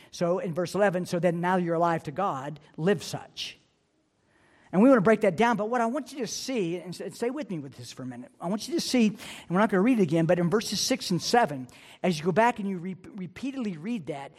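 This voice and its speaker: A man's voice: sits high, a little mellow. A male pastor preaching a sermon, earnest and emphatic, repeating key phrases to drive a point home.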